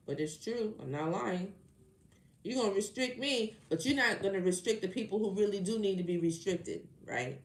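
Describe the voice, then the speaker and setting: A woman's voice: medium pitch, lively intonation, normal speed. A woman who hosts a tarot live stream, ranting in a heated, exasperated and sarcastic way, firing off rhetorical questions at her viewers. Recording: roomy live-stream audio with faint background noise.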